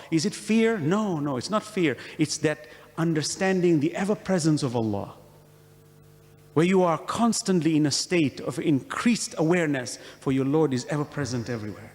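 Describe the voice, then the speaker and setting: A man's voice: a little high, darkish tone. Earnest man lecturing in a reverberant hall. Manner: earnest, questioning, acts out dialogue. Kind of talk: religious lecture.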